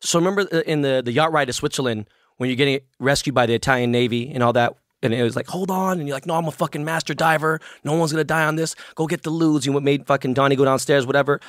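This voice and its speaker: A man hosting a podcast, asking quick, eager questions and swearing casually. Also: mid-range voice, steady tone, a bit bright, no echo, clean studio sound. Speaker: podcast host.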